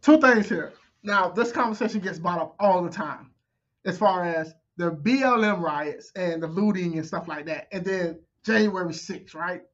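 High-voiced man giving casual commentary. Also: normal speed, a bit bright, dull audio. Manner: conversational, repeats himself for emphasis. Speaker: reaction commentator.

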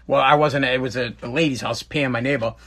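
A man's voice: mid-range voice, fairly quick, gravelly. A man hosting a talk show, telling a casual story in a rambling way with many restarts, and reading viewer comments aloud. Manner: animated when quoting others in the story.

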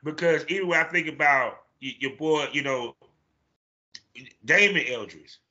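A man hosting a podcast in casual chat, animated and profane, acting out his own reactions. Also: a little high, unhurried, muffled recording. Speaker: podcast host.

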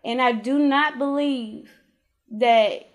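In a relaxed interview, a woman with a strikingly high voice shares her faith testimony at a slow pace, speaking colloquially and with emphasis. An animated storyteller, she acts out her conversations with God and her kids, her delivery rising into lively exclamations.

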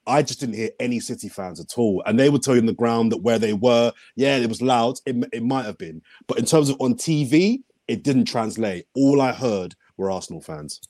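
A man's voice: mid-range voice, brisk, few pauses, a little mellow, no echo. A man co-hosting a casual football podcast, talking emphatically and repeating his points. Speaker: podcast co-host.

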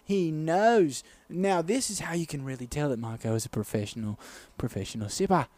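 A man's voice: fairly high pitch, fairly quick. A drunk young man co-hosting a comedy podcast, laughing a lot and slipping into mock announcer play-by-play. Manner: loud, laughing, swings into playful announcer bits. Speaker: podcast co-host. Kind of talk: drunk comedic chat and mock sports commentary.

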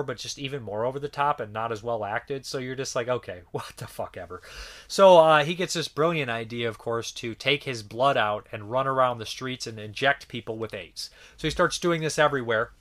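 A man in his thirties talks through a film review with a bright, forceful voice. He rambles loosely and swears often, leaning on lots of filler words. It sounds like an offhand, unscripted monologue. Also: medium pitch, a little fast, few pauses. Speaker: movie reviewer.

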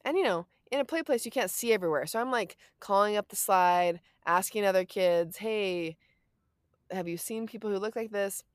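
A young adult woman co-hosting a casual chat show, telling stories in an animated way with lots of fillers. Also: medium pitch, normal speed, clear, resonant tone, no echo, clean studio sound. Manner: animated, filler-heavy storytelling. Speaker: podcast co-host.

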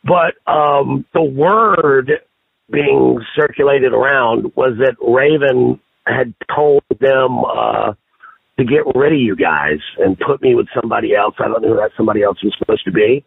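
A man on a podcast telling stories in a casual, profane, animated way. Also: mid-range voice, a little slow, vocal fry, breathy edge, dry recording. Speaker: podcast guest. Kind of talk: casual storytelling chat. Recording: tinny phone-line sound.

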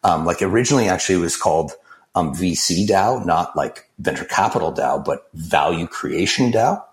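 A man being interviewed as a crypto project founder, talking in a measured way with many fillers and restarts. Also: low-pitched, expressive. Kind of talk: interview answers.

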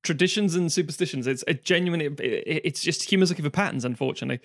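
Man, podcast co-host, casual film chat, very fast, fairly high voice, profane, rambling. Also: no echo, studio quality. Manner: swears freely, rapid and rambling. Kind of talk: casual chat about films.

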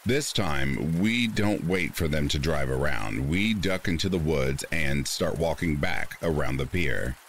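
Deep-voiced male narrator with an expressive, shifting pitch; deliberate scripted horror reading over soft rain. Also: slight background noise. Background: faint rain.

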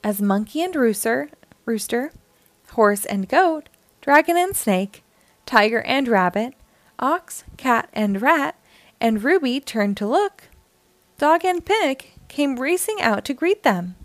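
Storytime lady reading a picture book to kids, really slow and singsong, dry close mic. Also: sits high, no echo. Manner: slow, expressive and melodic. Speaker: storytime host.

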